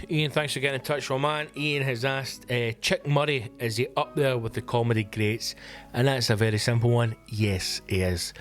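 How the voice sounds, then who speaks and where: A Scottish man hosting a solo comedy podcast, swearing and ranting in an excitable, animated way. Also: medium pitch. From Scotland. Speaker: podcast host.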